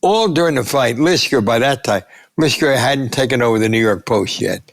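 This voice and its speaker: Older guy w a gravelly voice, telling old fight stories, acts out the quotes. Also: medium pitch, moderate pace, no room sound, studio quality. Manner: animated anecdotes, acting out quotes. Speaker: sportswriter guest. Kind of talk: storytelling interview.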